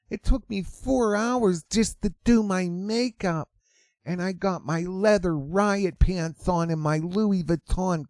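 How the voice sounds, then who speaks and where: A man's voice: high-pitched, creaky, no echo, voice pushed up, full character voice. A man putting on a vain, attention-hungry young woman. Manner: breathless, self-absorbed, mocking.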